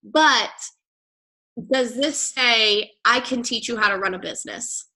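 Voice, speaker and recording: A woman's voice: fairly high pitch, measured pace, pushed and bright, rough recording. A young woman leading a team training call as coach, chatty and blunt, swearing freely and filling her talk with "like" and "right?".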